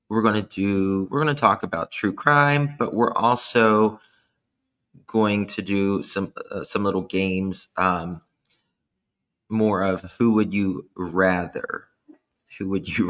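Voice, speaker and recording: A tired man hosting a casual live stream from indoors, warmly thanking chat viewers through his laptop microphone. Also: lowish voice. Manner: warm, effusive thanks to chat members. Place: indoors at home. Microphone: laptop camera mic.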